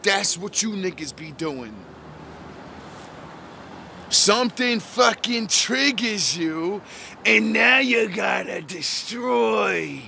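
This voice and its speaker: A man with a high, gravelly voice rants slowly in a preachy monologue. His tone is bright and tense, and he lectures the listener with profanity and repeated catchphrases, bursting into shouts. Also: lively intonation, slight background noise. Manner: repeats catchphrases and "yous" address. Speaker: online preacher-style commentator. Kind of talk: ranting monologue.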